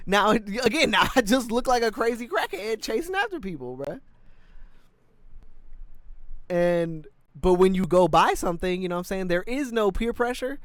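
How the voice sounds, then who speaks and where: A man's voice: sits high, animated, a little fast, clean tone, no echo. A man co-hosting a podcast, chatting casually in a slangy, rambling way and acting out the voices in his stories. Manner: rambling storyteller, slangy, acts out quoted voices. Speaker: podcast co-host.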